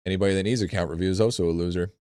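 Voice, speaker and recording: Male game streamer, lowish voice, blunt and foul-mouthed, loops his phrases, dry close sound. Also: steady tone, rapid-fire, mellow, no room sound. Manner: blunt, profane, repeats phrases. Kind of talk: casual live-stream chat answering viewers.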